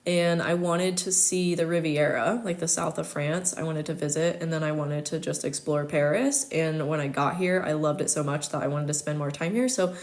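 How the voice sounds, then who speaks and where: This livestream host is a young American woman with a low-pitched voice and an American accent. She talks chattily at normal speed with a steady tone and few pauses, laughing frequently and using many fillers.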